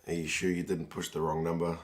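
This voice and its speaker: A low-voiced man hosts a live watch-along stream, answering viewers by name in a loose, chatty way. His voice is hoarse and rough, close to giving out. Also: little pitch movement, brisk. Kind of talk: live stream chat reading viewer comments.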